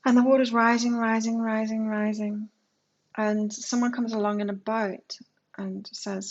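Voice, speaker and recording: A woman's voice: fairly high pitch, little pitch movement, unhurried, highs cut off. A woman giving a casual, chatty tarot reading to camera, musing aloud and telling stories. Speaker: tarot reader.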